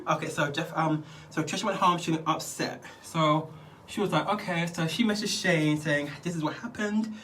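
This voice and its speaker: A man's voice: on the high side, moderate pace, sharp tone, recorded from a distance, a little hiss or hum. A man vlogging casually while doing his skincare, rambling and chatty and laughing often. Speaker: beauty vlogger.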